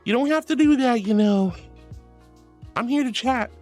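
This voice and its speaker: A woman live-streaming, gushing affectionately and giggling as she thanks her viewers in a soft, sweet way. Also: fairly high pitch, normal speed, soft background music. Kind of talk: casual live-stream chat.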